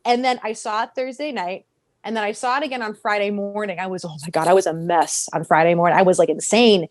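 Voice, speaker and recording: A young adult woman, a podcast guest, telling stories in an animated, expressive way and laughing often. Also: mid-range voice, quick pace, no room sound. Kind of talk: casual podcast chat.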